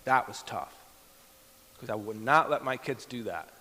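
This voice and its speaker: A man's voice: medium pitch, expressive, normal speed, pushed and bright. A middle-aged man preaching a sermon, telling a personal story and acting out the voices in it. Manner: storytelling, acts out quoted dialogue. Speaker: pastor. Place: church hall. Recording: long hall reverb.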